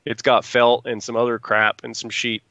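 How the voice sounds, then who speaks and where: Male guest, casual storyteller, even mid pitch, dry and slightly muffled sound. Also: moderate pace, dry recording. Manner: rambling storyteller acting out quotes. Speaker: guest truck builder. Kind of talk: casual chat.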